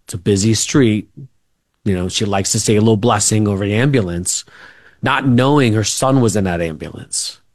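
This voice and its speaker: Middle-aged man, guest on a radio interview, low voice, dry sound, rambling storytelling. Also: moderate pace, no room sound. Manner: rambling, many fillers and restarts. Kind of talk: casual storytelling.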